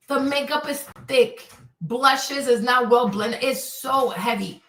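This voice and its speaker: Ranting on her livestream, this streamer host swears heavily and sounds exasperated in a casual way. Her fairly high, slightly bright voice moves slowly, picked up from a distance in an echoey room, somewhat off-mic.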